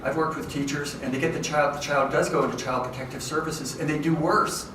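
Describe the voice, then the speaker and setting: Guy lecturing teachers in a big hall, kinda high voice, lots of echo, sounds far from the mic, keeps saying okay and right. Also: fairly quick. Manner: lively, conversational, keeps checking in with "okay?" and "right?". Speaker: education professor giving a talk. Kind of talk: public lecture to educators. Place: large hall with an audience. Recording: echoey hall from far off, faint noise.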